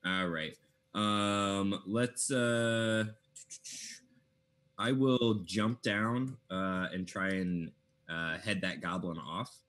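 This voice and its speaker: A man playing a tabletop game, talking casually and hesitantly with many pauses. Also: low voice, fairly bright tone. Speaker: player.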